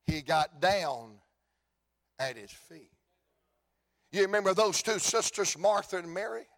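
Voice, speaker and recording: A man's voice: high-pitched, lively intonation, measured pace, vocal fry, fairly bright tone. A man preaching a sermon in church with a fervent, repetitive cadence. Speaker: pastor.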